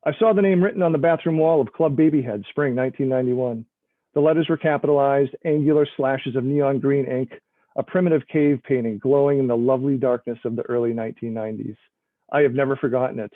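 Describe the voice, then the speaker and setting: A man's voice: medium pitch, steady tone, fast, no room sound. A man reading a memoir-style opening from his novel in progress, with self-deprecating asides and laughs between passages, over a video call. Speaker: author reading his work. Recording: tinny phone-like line, dry.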